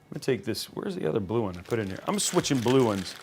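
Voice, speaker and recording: A man chats his way through building a PC live on stream, thinking out loud, abandoning and restarting sentences, and reading messages from viewers. He has a medium-pitched, very animated voice and talks fast, with a little hiss or hum on the audio.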